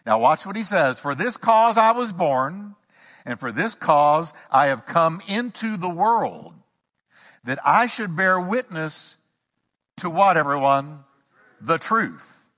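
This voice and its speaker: A man's voice: on the high side, animated, slow pace, sharp tone. A male pastor preaching a sermon, emphatic, with rising repeated questions. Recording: long hall reverb.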